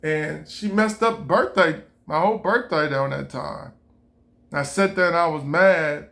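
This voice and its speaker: A man's voice: a little high, a little slow, creaky, fairly bright tone. A man casually telling a personal story, rambling and repeating himself while he quotes his own thoughts. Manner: rambling, repetitive, quoting himself. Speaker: vlogger.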